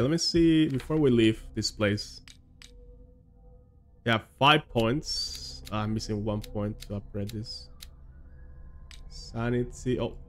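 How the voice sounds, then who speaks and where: A male streamer talking his way through a game live, with a mid-pitched voice. He is casual, laughs often and swears now and then. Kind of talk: live gameplay commentary.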